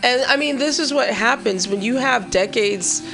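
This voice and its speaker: Woman co-host on radio, gravelly voice, sympathetic, music playing underneath. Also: on the high side, normal speed, poor audio. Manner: sympathetic, interjecting. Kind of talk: casual radio chat.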